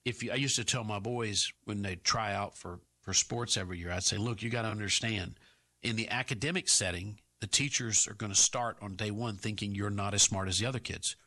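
A man's voice: lowish voice, a little fast, sharp tone. A middle-aged man hosting talk radio, firing off combative rhetorical questions in an opinionated monologue.

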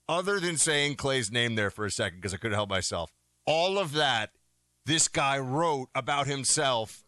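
A man's voice: mid-range voice, expressive, moderate pace, bright, forceful tone, no echo. A man co-hosting a talk radio show, delivering heated, emphatic and mocking commentary.

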